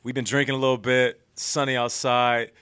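A man's voice: medium pitch, normal speed, clear, resonant tone, dry recording, clean studio sound. A man in his thirties, a podcast co-host, telling a story casually and acting out voices as he goes. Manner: animated storyteller acting out quotes. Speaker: co-host, former NFL player.

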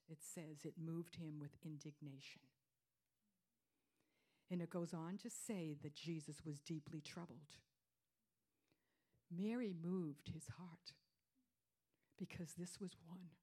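A woman preaching a sermon, repeating her phrases for emphasis and dropping into hushed whispers before rising to loud declarations. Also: lowish voice, husky.

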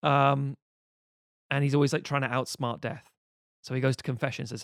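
A man's voice: mid-range voice, flat delivery, brisk, long pauses, dry recording, studio quality. A man chatting casually as a podcast co-host, rambling, profane and jokey as he recaps a film.

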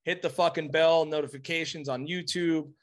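A man's voice: fairly high pitch, steady tone, normal speed. A man hosting a podcast, brash and joking, swearing heavily as he wraps up the show. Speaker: podcast host. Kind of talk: casual podcast chat.

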